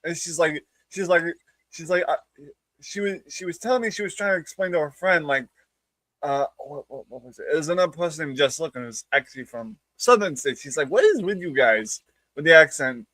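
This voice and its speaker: A man's voice: on the high side, fairly quick, a bit bright, no room sound. A man with a New England accent, hosting a casual stream and telling rambling, jokey stories full of restarts. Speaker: streamer host. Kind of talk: casual chat.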